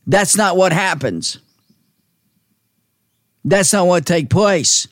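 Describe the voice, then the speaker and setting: A man preaching a sermon, slow and emphatic, repeating phrases for weight. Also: high voice, no echo, studio quality.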